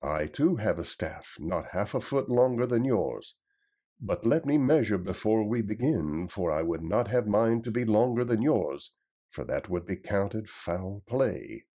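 A man's voice: lowish voice, lively intonation, measured pace, warm tone. A man voicing a proud outlaw leader who speaks in a formal, emphatic, old-fashioned way. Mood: courtly.

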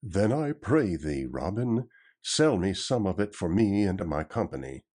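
A man reading the part of a king in disguise, speaking in measured, formal old-fashioned phrasing. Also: sits low, big pitch swings, a little mellow, breathy edge, full character voice. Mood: stately.

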